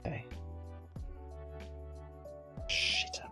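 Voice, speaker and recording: A British man streaming a game live. He cheers loudly at times, mutters under his breath at others, swears casually and talks to himself. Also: drawn-out words, faint music behind. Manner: excitable, swings between loud cheering and muttered whispers. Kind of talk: live gameplay commentary.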